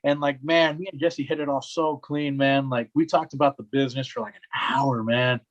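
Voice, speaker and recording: This clip has lo-fi sound and a young male wrestling commentator speaking at medium pitch and a normal pace. Chatting casually on a podcast, he spins a story with lively energy, imitating the characters' voices and peppering his lines with "man" and "right?"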